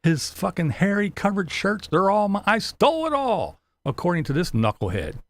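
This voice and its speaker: A man's voice: high voice, big pitch swings, moderate pace, no echo. A man hosting a livestream commentary show, ranting in a sarcastic, mocking way, swearing freely and laughing often. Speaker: commentary channel host. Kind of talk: profane livestream rant.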